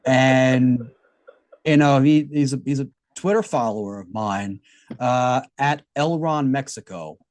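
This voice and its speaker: A man's voice: mid-range voice, unhurried, a little mellow, no room sound. A man hosting a satirical news show, reading scripted setups and adding jokey asides. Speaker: show host.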